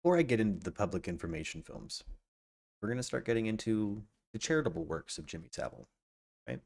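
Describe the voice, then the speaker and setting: A man's voice: lowish voice, very animated, fast talker, darkish tone. A man hosting a live true crime podcast stream, reading facts aloud and breaking off to chat casually with viewers. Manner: reads facts aloud then riffs casually, greets chat viewers, many restarts. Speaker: podcast host.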